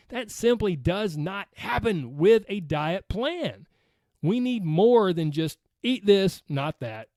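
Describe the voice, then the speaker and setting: A man with a Southern accent talks through a solo podcast episode as a weight loss coach. His voice sits high for a man, and the sound is dry with no room around it. He is earnest and motivational, and he keeps checking in with a quick "right?". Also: darkish tone, no room sound.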